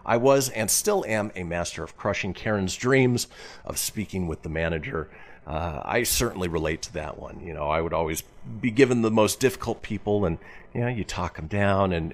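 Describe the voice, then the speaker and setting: A man's voice: low-pitched, expressive, moderate pace. A male radio host chatting casually and reading listener messages aloud with a jokey manner.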